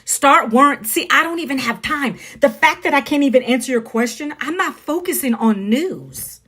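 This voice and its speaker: A woman's voice: high voice, lively intonation, moderate pace, fairly bright tone. Blunt middle-aged woman on a phone live. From United States. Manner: blunt, preachy, talks to viewers by name. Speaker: TikTok live streamer. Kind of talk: casual live-stream monologue.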